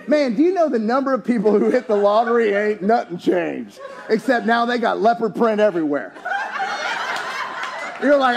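A man preaching a sermon in a church, animated and joking, rising to shouts at his peaks. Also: very high-pitched, moderate pace, vocal fry, crowd noise. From US, town near country. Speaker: pastor.

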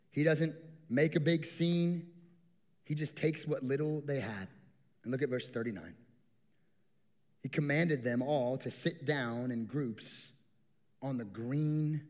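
A young adult male pastor preaching a sermon, an animated storyteller who acts out the people in the story with humor. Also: fairly high pitch, big-room sound. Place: church stage with long reverb.

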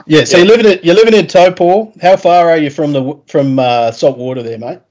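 A man's voice: on the high side, moderate pace, a little mellow. A man with an Australian accent co-hosting a podcast, chatting in an easygoing way over a video call. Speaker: podcast co-host.

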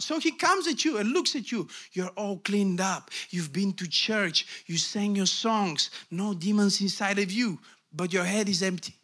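A middle-aged pastor delivers an emphatic sermon at a normal speed, calling out to his congregation. He swings between quiet asides and shouted peaks.

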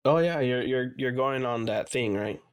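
A man's voice: medium pitch, moderate pace, smooth. A man co-hosting a casual gaming podcast, rambling loosely and swearing freely. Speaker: podcast co-host.

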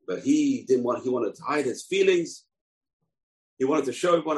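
A man's voice: mid-range voice, expressive, moderate pace, poor audio. A man giving an informal bible lesson, telling the story conversationally with asides. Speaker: bible teacher.

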